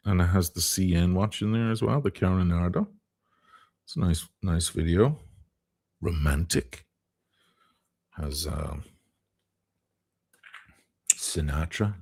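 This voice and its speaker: A man with a deep, gravelly voice hosts a relaxed live stream, chatting easily and reading viewer comments aloud. His pitch rolls up and down a lot, and his unhurried delivery has a husky, rough edge. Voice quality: very low, gravelly voice. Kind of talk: casual live-stream chat.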